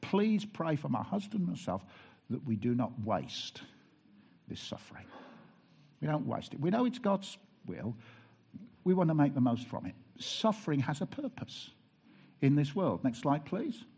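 A man's voice: a little high, very animated, normal speed, creaky, darkish tone, slightly rough. A man, a pastor preaching a sermon and telling personal stories in an earnest way, with wry asides and frequent restarts.

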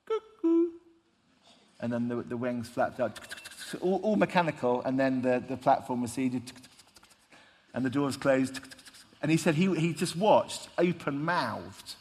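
A preacher in a reverberant hall. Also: male voice, mid-range voice, normal speed, a little mellow. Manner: storytelling, emphatic, conversational. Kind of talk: sermon. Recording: long reverb of a large hall.

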